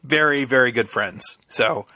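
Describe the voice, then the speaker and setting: A young man with a bright, forceful voice spins a rambling story for his brother, tagging line after line with "right?" The sound is close and dry, with no room around it. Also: medium pitch, a little slow, no room sound. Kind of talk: casual storytelling.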